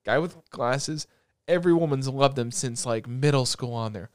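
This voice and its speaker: A man's voice: medium pitch, normal speed, smooth, no echo, clean studio sound. Joking, crude young man chatting. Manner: animated, rambling and crude, with a joking tone. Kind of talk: casual chat.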